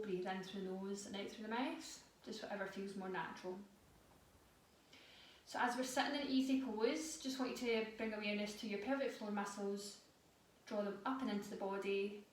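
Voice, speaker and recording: Calm woman guiding yoga, echoey room. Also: medium pitch, a little hiss or hum. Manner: calm, slow guiding cues. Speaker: yoga instructor. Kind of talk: guided yoga instruction. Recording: echoey room, voice a bit far from mic.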